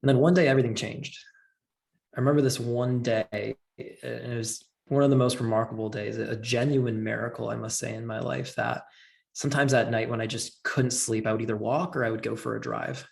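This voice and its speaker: A man's voice: medium pitch, steady tone, brisk, gravelly, darkish tone. A man telling a personal story as a podcast guest, earnest and filling his talk with "like". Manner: earnest, heavy use of "like".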